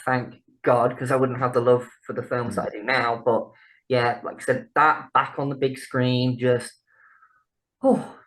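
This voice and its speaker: A man's voice: medium pitch, steady tone, a little slow, fairly bright tone, low-quality recording. A man co-hosting a casual film podcast, enthusiastic and laughing often. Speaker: podcast co-host.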